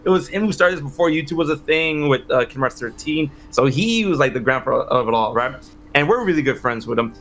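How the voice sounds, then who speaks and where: Upbeat, bright-voiced man telling stories. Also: medium pitch, slight background noise. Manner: animated, fast, many restarts and quoted exclamations. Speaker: interview guest, content creator. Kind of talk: casual storytelling interview.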